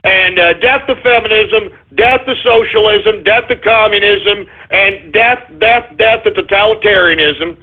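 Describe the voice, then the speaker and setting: A man ranting on a call-in radio show, his higher-pitched, husky voice squashed into a thin phone-line band. He talks emphatically and circles back to the same point again and again. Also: a little slow, hardly any pauses. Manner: ranting, emphatic, repeats "all right?".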